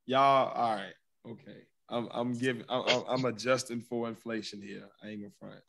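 A man co-hosting a podcast, giving blunt, profane opinions in relaxed slang. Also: mid-range voice, normal speed, vocal fry. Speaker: podcast co-host. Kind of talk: casual debate chat.

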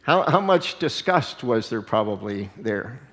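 A man preaching a sermon as pastor, animated and conversational, often slipping into quoted voices and chuckling. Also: medium pitch, unhurried, long reverb tail. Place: church sanctuary.

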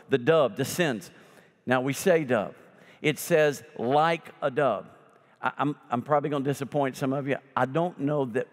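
Man preaching in a reverberant sanctuary. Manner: swings between loud emphatic lines and low slow hushed ones; folksy humorous asides. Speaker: pastor. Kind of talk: sermon. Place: church sanctuary. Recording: long hall reverb.

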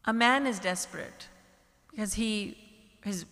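A woman's voice: medium pitch, a little slow, a bit bright. A woman spiritual teacher giving a discourse, telling stories with acted-out quotes and emphatic repetition. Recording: long hall reverb.

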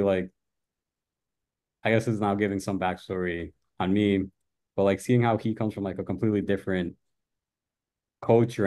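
A young man from New Jersey talking casually about a film over a video call, relaxed and full of fillers. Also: deep voice. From Paterson, New Jersey, US. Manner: relaxed, heavy use of "like" and fillers. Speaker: film series curator.

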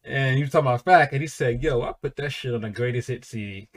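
Excitable, foul-mouthed reaction host, man. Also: quick pace. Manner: swears a lot, bursts into loud high laughing excitement. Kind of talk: casual music reaction.

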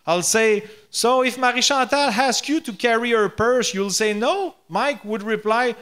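A man with a Quebec French accent, a native French speaker, reading a comedy bit aloud in English, halting and repeating words and often laughing at his own jokes. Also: very high-pitched, a bit bright, smooth.

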